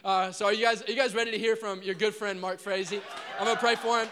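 A man's voice: high voice, level tone, quick pace, noisy background. A man, a pastor introducing a guest preacher and praying before the congregation, jokey and upbeat, then earnest. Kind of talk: church stage introduction and prayer. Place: church service before a congregation.

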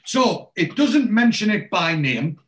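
A man's voice: high voice, very animated, slow pace, a bit bright. Chatty man retelling a TV episode. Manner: chatty, rambling with restarts. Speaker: podcast co-host.

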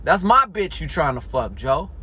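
A man telling a story in a casual, animated way, full of swearing. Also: on the high side, normal speed, breathy edge. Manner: animated, profanity-heavy storytelling.

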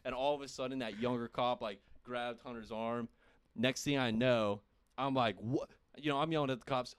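Young guy ranting a wild story, cursing and laughing, crisp voice, no room echo. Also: medium pitch, moderate pace. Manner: animated, profane, laughing storyteller. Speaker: podcast host. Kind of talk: casual storytelling.

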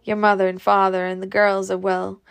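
A woman voicing a calm, kindly Southern gentleman near seventy, soft and reassuring in manner. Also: medium pitch, moderate pace, gravelly, clear, resonant tone, close to an everyday voice.

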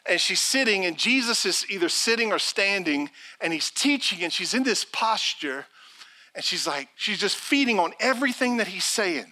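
A man's voice: high voice, normal speed. A middle-aged man preaching a sermon as pastor, telling stories and acting out the people in them. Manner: animated storytelling preacher, acts out quotes.

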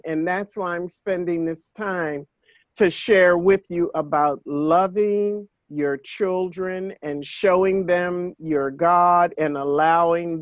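A woman's voice: lowish voice, no room sound. An older woman hosting a faith podcast, speaking in an earnest, repetitive preaching cadence. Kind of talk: spiritual talk monologue.

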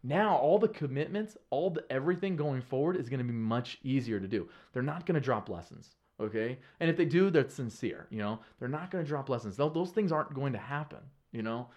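A man who is a podcast guest, telling stories in an earnest, animated way, with casual slang and frequent restarts. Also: mid-range voice, a little fast, hardly any pauses. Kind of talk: casual conversational storytelling.

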